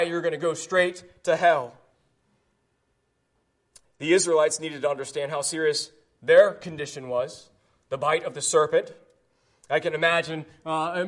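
A man's voice: high-pitched, a bit bright. A man preaching an impassioned evangelistic sermon, emphatic and reading scripture in old-fashioned wording.

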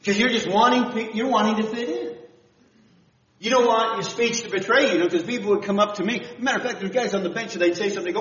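A man's voice: sits high, fast. A man from Canada preaching a conversational sermon, full of restarts and questions to his listeners. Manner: animated, with frequent restarts and questions to the audience. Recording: echoey room from a distance, dull sound.

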